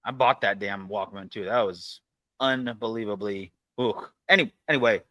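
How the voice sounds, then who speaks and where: Man, podcast host, bright tense voice, dry close mic, relaxed casual storytelling. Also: on the low side, normal speed, dry recording, dull audio. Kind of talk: casual chat.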